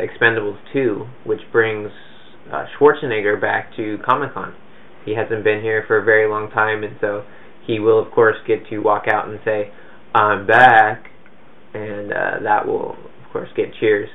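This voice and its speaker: A man's voice: on the low side, flat delivery, normal speed, vocal fry. A man chatting casually as a podcast co-host and film reviewer, rambling along with fillers and restarts. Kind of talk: casual chat. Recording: tinny phone-like sound.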